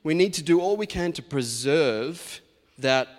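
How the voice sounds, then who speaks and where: A man's voice: on the high side, animated, normal speed. A man in his forties, a pastor giving a sermon in a chatty, anecdotal storytelling manner. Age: 40s. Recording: long reverb of a large hall.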